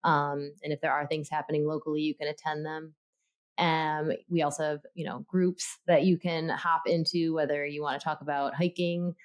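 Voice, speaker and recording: A woman with a notably low voice co-hosts a podcast in casual, earnest chat. She rambles a little and restarts her sentences, with frequent ums along the way. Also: little pitch movement, moderate pace. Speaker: podcast co-host.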